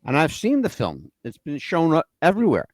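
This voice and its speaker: A man's voice: fairly high pitch, huge pitch swings, a little fast, dry recording. A man hosting a podcast, talking in an emphatic, profane, opinionated way. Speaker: podcast host. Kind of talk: casual opinionated chat.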